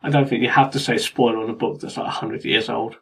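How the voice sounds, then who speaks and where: Man, gravelly voice, mid pitch, blunt, teasing, casual chat. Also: fairly even intonation, fast.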